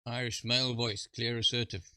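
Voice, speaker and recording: A man presenting a screen-share software walkthrough, talking in a halting way with fillers and informal asides. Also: medium pitch, little pitch movement, clean tone, no echo. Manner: halting, full of fillers and restarts.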